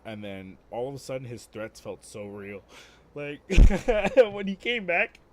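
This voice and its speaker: A man's voice: mid-range voice, very animated, moderate pace, background noise. A young man streaming, telling rambling, profane stories and laughing at his own jokes. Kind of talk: casual storytelling.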